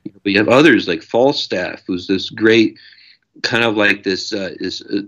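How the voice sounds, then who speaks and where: Guy with a lowish voice, author in a chat, gets really passionate and wanders, kinda muffled sound. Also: a little slow, fairly bright tone. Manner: passionate, discursive. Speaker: author guest. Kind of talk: casual interview chat. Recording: dull lo-fi audio.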